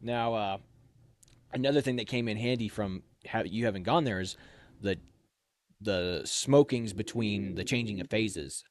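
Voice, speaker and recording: An American man telling army stories in a casual, animated way, with loud barked drill commands now and then. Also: fairly low pitch, measured pace. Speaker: officer candidate telling stories. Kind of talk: casual storytelling.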